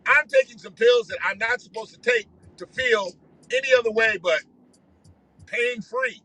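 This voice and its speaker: A man's voice: extremely high pitch, huge pitch swings, normal speed, pushed and bright, rough recording. A man ranting profanely on a livestream while driving his car. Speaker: livestream host. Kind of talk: casual ranting monologue.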